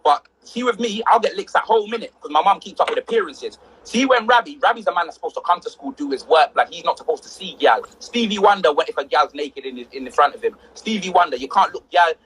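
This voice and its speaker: A young man, telling animated stories on a livestream, full of street slang and acted-out quotes. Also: sits high, quick pace, few pauses, husky, low-quality recording. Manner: slang-heavy, excitable, acts out quotes. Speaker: livestream host.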